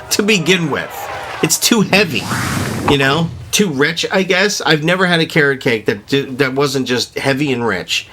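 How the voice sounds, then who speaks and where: A man with a bright, forceful voice rambles through casual gameplay commentary, full of opinionated, joking rants. A faint hiss of noise sits under his voice. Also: on the high side, normal speed. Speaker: gaming video host.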